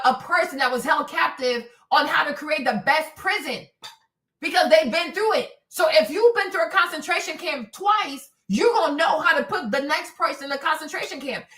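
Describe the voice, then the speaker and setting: A woman's voice: high-pitched, pushed and bright, roomy sound, far from the mic. A woman hosting a livestream, talking in an impassioned, rambling and profane way. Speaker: host. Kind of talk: livestream commentary.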